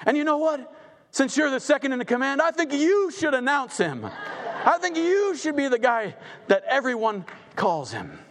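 A man's voice: extremely high pitch, big pitch swings, moderate pace, fairly bright tone, some chatter behind, pitched above the performer's own voice, exaggerated voice. A man voicing an emphatic ancient king. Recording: long hall reverb.

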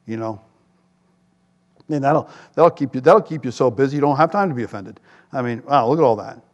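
A man preaching a sermon as pastor, animated, jumping to loud, high quoted voices and dropping into wry asides. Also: dull audio. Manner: animated, rises to shouts for quoted voices, self-deprecating asides. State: tired.

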